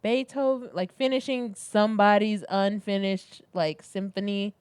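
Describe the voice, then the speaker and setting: A woman's voice: mid-range voice, unhurried, clear, resonant tone, no echo. A woman co-hosting a casual studio chat show, playful and telling stories with energy. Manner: playful, animated storytelling. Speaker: co-host.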